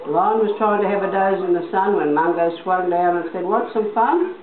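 An older woman reading a children's story aloud and stopping to chat gently with a child. The recording is thin and phone-like, with a lot of room echo. A crowd murmurs behind her. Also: fairly low pitch, fairly even intonation, fast talker. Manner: gentle, chatty asides to a child. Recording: echoey, tinny, crowd behind.

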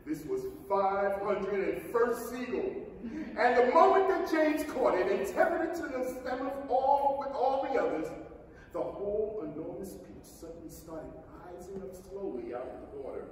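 Man, high voice, slow lively storyteller, echoey hall, mic far off. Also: slight background noise. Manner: animated, theatrical storytelling with shifting character voices. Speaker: reader. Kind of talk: staged reading of a children's novel. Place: theatre stage before an audience.

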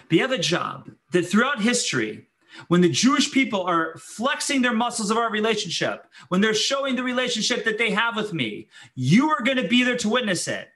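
A man lectures as a rabbi in a fairly high voice that swings widely in pitch. He tells the story with energy and acts out the voices he quotes, sometimes laughing as he goes. His tone stays bright and clear. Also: big pitch swings, moderate pace.

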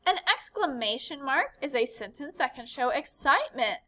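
A woman teaches a lesson to young children in a high, bright voice. Her pitch leaps all over as she acts out each exclamation with big expression. She takes her time and speaks slowly. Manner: animated and expressive, acting out exclamations. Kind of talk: elementary classroom lesson.

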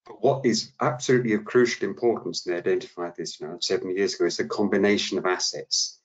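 A man's voice: sits low, fast. A man giving a formal, articulate presentation as a guest speaker over a video call. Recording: dull video-call audio.

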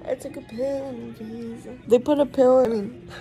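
A woman's voice: high-pitched, dark tone. A nineteen-year-old woman vlogging in casual chat from a hospital room, giggly and rambling, with many filler likes.

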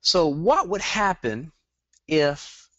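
Middle-aged Southern US man, fast, joking webinar trainer; plain dry, muffled call audio. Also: fairly high pitch, big pitch swings, fairly bright tone, no echo. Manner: rambling, joking, fast-talking. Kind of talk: online marketing webinar.

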